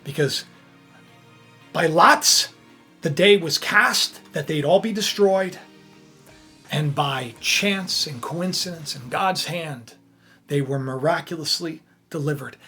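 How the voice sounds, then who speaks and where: A man retelling a Bible story in a casual, animated sermon, chatty and often laughing. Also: fairly high pitch, slow pace, pauses often, breathy edge, soft background music. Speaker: preacher, storyteller.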